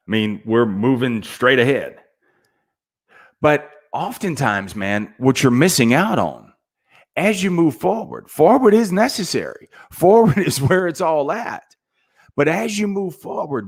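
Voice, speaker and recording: A middle-aged man delivers a motivational talk in a casual, preachy way, often tossing in "man". His pitch sits in an ordinary middle range. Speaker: sales motivational speaker.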